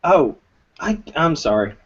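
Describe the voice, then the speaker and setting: A man running a tabletop game as game master, relaxed and thinking aloud with fillers. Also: fairly high pitch, unhurried, breathy edge. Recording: dull lo-fi recording.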